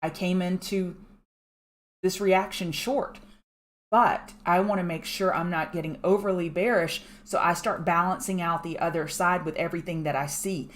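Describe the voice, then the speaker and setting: Fast-talking woman reviewing charts. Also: fairly low pitch, steady tone. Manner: fast-talking, chatty, thanks viewers by name. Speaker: market analyst host. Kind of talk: live trading chart commentary. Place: home room.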